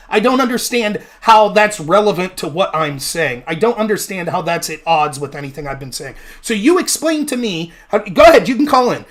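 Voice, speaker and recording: A man's voice: sits high, a bit bright. A man hosting a political livestream, ranting heatedly, swearing and sarcastically challenging chat viewers to call in. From United States. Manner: swears freely. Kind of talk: heated solo livestream rant.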